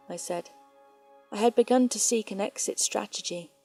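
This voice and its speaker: A woman narrating true scary stories in a calm, measured storytelling voice. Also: mid-range voice, breathy edge. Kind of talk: reading scary stories aloud. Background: faint background music.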